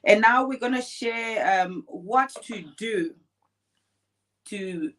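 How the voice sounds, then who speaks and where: A woman's voice: medium pitch, slow pace, a bit bright. Encouraging woman co-hosting a podcast. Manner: encouraging, affirming, with fillers. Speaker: podcast co-host. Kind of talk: conversational discussion.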